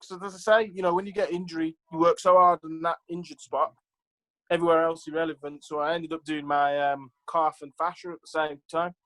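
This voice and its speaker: A man's voice: a little high, flat delivery, fairly quick, fairly bright tone, low-quality recording. A man who is a former professional footballer, telling stories casually as an interview guest, with lots of "like" and "you know" and acted-out quotes.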